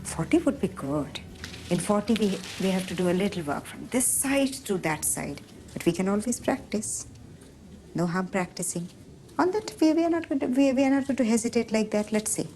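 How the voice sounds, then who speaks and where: Lively, encouraging woman tutoring a child. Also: medium pitch, normal speed. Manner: encouraging, coaxing. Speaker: teacher. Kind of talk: one-on-one tutoring. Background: music.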